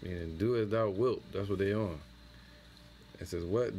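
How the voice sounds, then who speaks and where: A man teaching an impromptu scripture lesson, reading verses slowly and then commenting in loose, slangy talk. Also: low-pitched, a little mellow, a little hiss or hum. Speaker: teacher of a religious camp.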